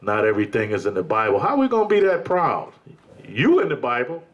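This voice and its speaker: A man's voice: medium pitch, very animated, fairly quick, highs cut off. Male preacher, mid-range voice, emphatic colloquial sermon delivery with frequent "brother" asides. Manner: emphatic, repeatedly addresses listeners as brother.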